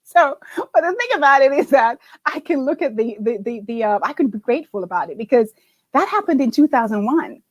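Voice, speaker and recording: A middle-aged woman with a fairly high voice coaches a live-stream audience and answers their comments. She talks in a chatty, encouraging way and often tags her points with "right?". The sound is close and dry. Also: very animated, fairly quick, dry recording. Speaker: confidence and leadership coach.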